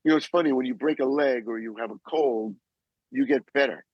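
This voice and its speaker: A man in his sixties, a guest, slowly recounting a personal loss with halting pauses and restarts. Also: medium pitch, breathy edge, dry recording, muffled recording. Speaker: guest, actor and author. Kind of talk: emotional personal storytelling.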